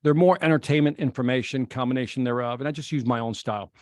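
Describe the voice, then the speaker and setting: A middle-aged man from Chicago, a guest telling an animated story in an interview and acting out the exchanges he quotes. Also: medium pitch, fast, no room sound, studio quality. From Chicago, United States. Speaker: guest speaker.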